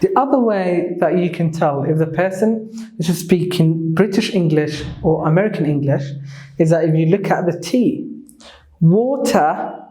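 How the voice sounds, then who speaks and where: High-voiced man teaching English pronunciation. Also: mellow, reverberant, poor audio. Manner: switches between English and Somali, slows to model words. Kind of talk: bilingual language lesson.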